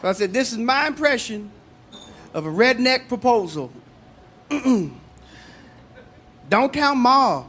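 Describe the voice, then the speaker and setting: A man's voice: very high-pitched, sing-song, normal speed, long pauses, noisy background. A middle-aged man doing a stand-up comedy set on stage, delivering punchlines conversationally. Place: comedy stage before a live audience. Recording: live stage mic with loud crowd laughter.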